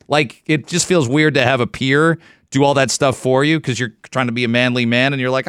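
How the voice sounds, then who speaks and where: A middle-aged man hosting a radio talk show, chatting casually and spinning anecdotes. He slips into quick acted-out exchanges mid-story. His voice sits at an ordinary pitch and is recorded dry and close in a studio. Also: steady tone, fairly bright tone, clean tone, no echo.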